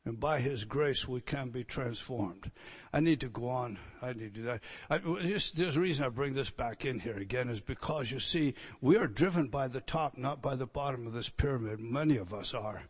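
A man preaching a sermon, earnest and emotional, dropping to quiet tender asides and rising to loud emphatic declarations. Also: medium pitch, normal speed, slightly rough. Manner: earnest and emotional, moved nearly to tears.

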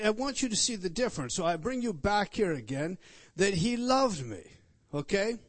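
Emphatic man preaching, fairly high. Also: no room sound. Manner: emphatic, repeats words, asks the listeners questions. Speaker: pastor. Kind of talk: expository sermon.

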